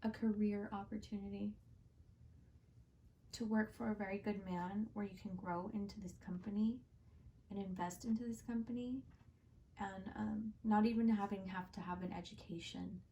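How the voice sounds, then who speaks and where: A woman's voice: mid-range voice, fairly even intonation, moderate pace, warm tone, recorded from a distance, a little hiss or hum. A woman giving a casual, heartfelt tarot reading, chatty and full of fillers. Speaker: tarot card reader and channel host.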